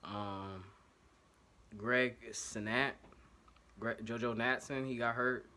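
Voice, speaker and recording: A medium-pitched, steady male voice, slow, pushed, and bright. He's a sports podcast host from Ohio with an Ohio accent, doing casual, slangy fan commentary in a single take on a home setup, often correcting himself and apologizing for technical difficulties.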